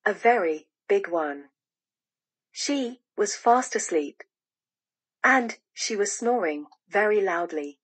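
A woman narrating a children's storybook audiobook, reading slowly and carefully. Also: medium pitch, lively intonation, a bit bright.

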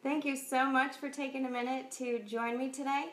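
A woman's voice: high-pitched, level tone, moderate pace. A woman hosting a faith talk show, earnestly encouraging her listeners, retelling a parable and closing with a prayer. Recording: echoey room.

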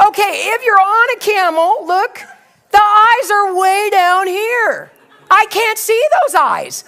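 A woman's voice: extremely high pitch, very animated, unhurried, bright, forceful tone. A woman in her sixties, a pastor, telling a funny story in a sermon and acting out her own part with laughter. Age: 60s.

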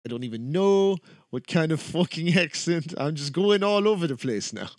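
A man's voice: a little high, expressive, moderate pace, no room sound, clean studio sound. A man streaming a shooter game live, chatting casually with loose, profane, joking trash talk. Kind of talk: casual live-stream chat while gaming.

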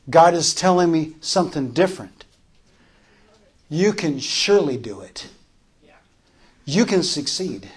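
Slow-preaching pastor, man, fairly high voice. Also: slightly rough. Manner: impassioned preaching, rising to loud calls and dropping to soft tender lines; repeats phrases for emphasis. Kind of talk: sermon.

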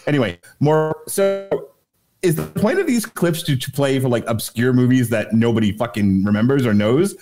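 A man's voice: medium pitch, expressive, normal speed, over loud music. A man chatting on a movie podcast who teases provocatively and swears freely. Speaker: podcast guest. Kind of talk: casual chat.

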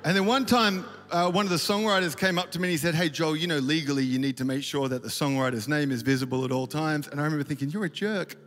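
A man's voice: fairly high pitch, steady tone, quick pace, few pauses, a bit bright, a little hiss or hum. A man giving a casual, rambling talk at a church conference, full of fillers and self-deprecating asides. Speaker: worship leader speaking at a conference. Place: large auditorium stage. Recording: reverberant hall, faint ambience.

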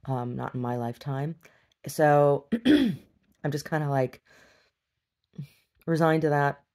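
A woman's voice: sits low, slow pace, a little mellow. A middle-aged woman speaking in a candid video diary, weary and blunt, swearing freely and breaking into wry laughs. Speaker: video diarist.

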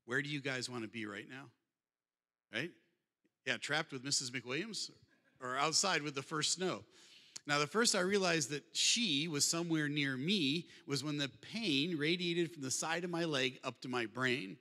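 A man's voice: a little high, moderate pace, pushed and bright. A man in his fifties, a guest speaker telling humorous stories and talking directly to his audience in a conversational way. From Michigan, USA. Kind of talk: storytelling talk. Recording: long hall reverb.

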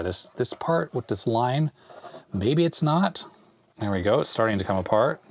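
A man hosting a retro computer repair video, thinking aloud in a relaxed way while he takes a machine apart. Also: mid-range voice, slight background noise. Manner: thinks aloud while working, relaxed, with small fillers and laughs. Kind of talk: casual hands-on show-and-tell.

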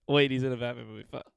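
A man co-hosting a casual podcast, his voice smooth and resonant, jokey and loose with swearing. The sound is close and dry, with no room around it. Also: medium pitch, dry recording. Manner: joking, swears often. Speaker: podcast co-host. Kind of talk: casual chat.

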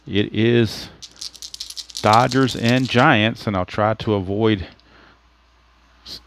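Guy with a lowish voice doing play-by-play for a dice baseball game at home, explains every roll. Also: a little slow, a little hiss or hum. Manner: steady explanatory play-by-play, thinks aloud about rules. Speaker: tabletop baseball replay announcer. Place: home setup at a computer.

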